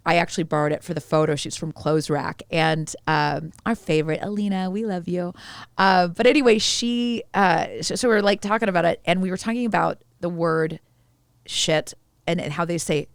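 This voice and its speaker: A woman chats on a casual review podcast, her voice sitting lower than most women's. She gushes and jumps around with playful swearing. The sound is close and dry, with no room around it. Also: normal speed, vocal fry, smooth, no echo. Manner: animated, gushing, swears playfully. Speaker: co-host.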